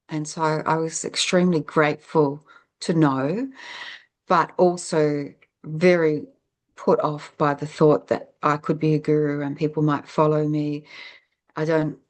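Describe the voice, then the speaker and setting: A middle-aged woman with a low voice, talking as an interview guest. She tells her story casually, wanders between thoughts, and stops herself partway through sentences, with plenty of "um"s along the way. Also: little pitch movement, measured pace. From New Zealand. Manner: rambling, reflective, self-interrupting with fillers.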